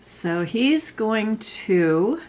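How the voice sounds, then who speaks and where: A woman's voice: medium pitch, sing-song, extremely slow, darkish tone, slight background noise. An older woman vlogging from home, chatting casually and rambling, with frequent fillers and restarts. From Southern California. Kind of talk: casual unboxing chat.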